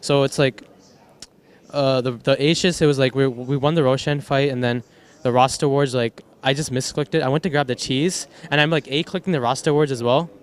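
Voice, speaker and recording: Speaking a little quickly, a young man who plays esports professionally responds to post-match questions in a clear, resonant, steady voice of medium pitch. His delivery is loose and rambling, full of restarts and offhand swearing.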